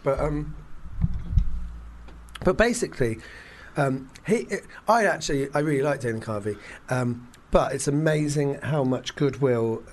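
A man's voice: medium pitch, expressive, unhurried, a little hiss or hum. A man co-hosting a podcast in casual, jokey chat, laughing often. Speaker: podcast co-host.

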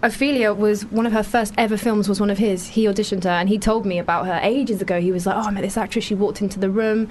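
Fast-talking South London woman. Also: medium pitch, fairly even intonation, darkish tone, a little hiss or hum. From South London, England. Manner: bubbly, quick and chatty. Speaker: interviewer. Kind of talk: casual interview chat.

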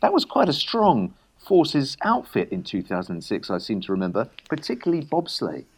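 A man's voice: mid-range voice, huge pitch swings, normal speed, breathy edge. A man co-hosting a radio show, chatting and asking leading questions. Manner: conversational, asks leading questions. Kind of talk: casual chat.

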